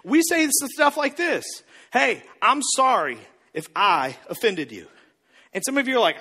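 High, lively preacher in a big hall. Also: male voice, normal speed, slightly rough. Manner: animated, acts out quoted people in comic voices. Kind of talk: sermon. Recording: long hall reverb.

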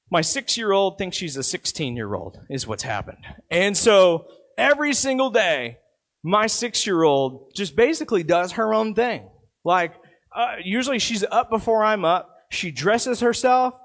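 A man in his thirties preaching a sermon in an earnest, conversational way, with a lot of repetition. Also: high-pitched. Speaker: pastor.

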